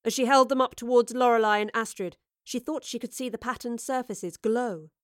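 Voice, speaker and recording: A woman reading a story aloud in a steady, even narration. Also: fairly high pitch, normal speed, no echo, studio quality. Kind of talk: audiobook narration.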